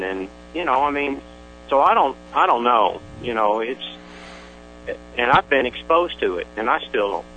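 An older man phones in to a radio talk show. His voice is bright and forward, and he talks haltingly, pausing and restarting often. Faint music sits under the line. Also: medium pitch, sing-song, muffled recording. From Tennessee. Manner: halting, with many pauses and restarts. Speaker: caller. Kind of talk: call-in radio chat.

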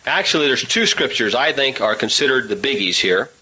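A man teaching a Bible study in a bright, slightly husky voice that rises and falls a lot. He reads scripture passages aloud and keeps turning to his listeners with rhetorical questions, pressing on in a hurried way. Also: mid-range voice, expressive, poor audio. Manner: hurried, says he must talk rapidly.

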